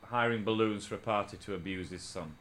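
A man's voice: on the low side, brisk, a bit bright. A man hosting a radio show, telling a rambling, profane anecdote with frequent restarts. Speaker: radio host. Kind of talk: casual anecdote on air.

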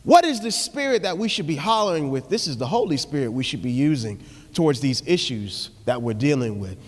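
A man's voice: on the high side, expressive, fairly quick. A young adult man preaching a live sermon in a large church hall, reading scripture and praying in a rhythmic cadence that swells into emphatic hollering. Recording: long reverb of a church hall with music behind.

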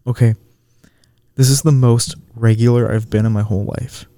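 A man's voice: mid-range voice, fairly even intonation, normal speed, mellow, no room sound. A young man co-hosting a podcast, chatting casually and candidly, often laughing. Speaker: podcast co-host.

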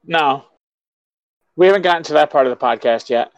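A man hosts a casual podcast chat, his voice pitched a little high. He teases his guest and swears freely, and the recording sounds dry and close. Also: brisk, gravelly, no room sound, poor audio. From New York State, USA. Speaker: podcast host.

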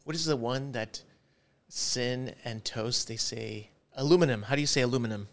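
A man's voice: mid-range voice, normal speed, vocal fry, a bit bright. A man from Texas co-hosting a podcast, cracking jokes and teasing the others. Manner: joking, teasing. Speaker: podcast co-host. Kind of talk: casual chat.

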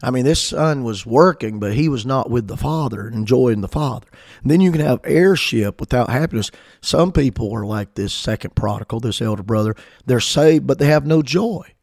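A man's voice: medium pitch, lively intonation, fairly quick, darkish tone, dry recording, studio quality. A man preaching a sermon, earnestly quoting scripture in old-fashioned wording.

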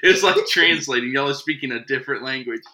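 A young man co-hosting a podcast, talking in animated, laughing casual chat. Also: mid-range voice, quick pace, a crowd in the background. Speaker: podcast co-host.

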